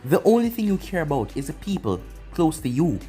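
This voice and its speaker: A man's voice: a little high, sing-song, brisk, warm tone, soft background music. Naruto, a man doing a smug taunting traitor ninja. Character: arrogant mocking young male ninja turned traitor.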